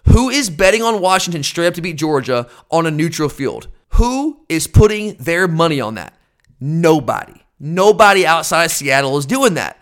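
A man's voice: on the high side, sing-song, brisk, a bit bright. A man hosting a sports fan podcast, exasperated and emphatic as he rants about his team. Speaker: podcast host. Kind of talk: opinionated fan podcast rant.

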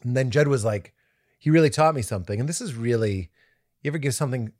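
A middle-aged male comedian telling an animated story in a podcast conversation, jumping into high-pitched impressions. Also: fast. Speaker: comedian guest.

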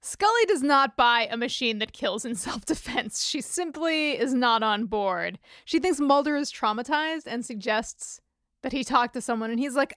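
A woman with a high voice co-hosts a casual podcast recapping a TV episode. She drops wry, joking asides. The recording sounds dry and close. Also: expressive, moderate pace, a bit bright, no echo. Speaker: podcast co-host.

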